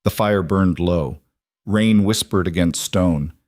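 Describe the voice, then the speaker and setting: A man narrating a romance fantasy audiobook in a steady, measured way. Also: sits low, no room sound, clean studio sound.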